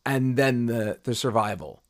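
Man, podcast co-host, casual chat, rambling, animated, mid-pitched voice. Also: measured pace. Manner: rambling, animated, acts out quoted reactions.

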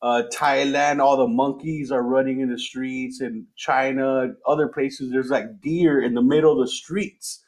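A man's voice: medium pitch, fairly even intonation, unhurried, few pauses, a little mellow. A man hosting a podcast who rambles casually, swears freely and laughs easily. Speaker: podcast host.

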